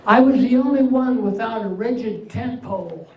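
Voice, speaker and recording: An older man with an unusually high voice doing a stand-up comedy set, delivering deadpan one-liners with pauses before each punchline. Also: muffled recording. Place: veterans' hall event room. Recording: echoey hall, mic far off, faint hum.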